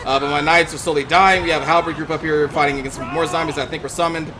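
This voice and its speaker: A high-pitched man narrating a strategy game match, his commentary full of exasperated rants and frequent swearing. A clear noisy hiss runs under the voice throughout. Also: steady tone, rapid-fire, hardly any pauses, crowd noise. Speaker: gaming channel host. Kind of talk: gameplay commentary.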